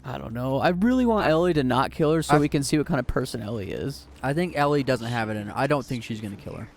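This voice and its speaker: A man's voice: medium pitch, animated, quick pace, gravelly, a little hiss or hum. A man streaming a video game with friends, chatting casually, guessing at the story and arguing his point. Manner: speculative, argues his point. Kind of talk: casual chat over gameplay.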